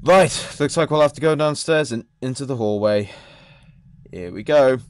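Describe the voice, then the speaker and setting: A man's voice: mid-range voice, moderate pace, slight background noise. An eighteen-year-old man giving gameplay commentary, jumpy, swearing and shrieking at scares. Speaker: gamer.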